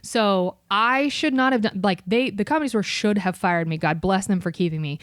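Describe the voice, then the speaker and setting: A woman guest on a podcast, telling a story with animated, profane delivery and acted-out voices. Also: medium pitch, moderate pace, dry recording, clean studio sound. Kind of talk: casual storytelling chat.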